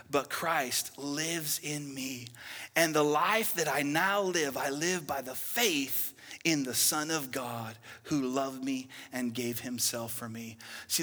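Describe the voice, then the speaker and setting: A young male pastor preaching a sermon, swinging dramatically between loud outbursts and hushed whispers. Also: fairly high pitch. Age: young adult. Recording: reverberant hall.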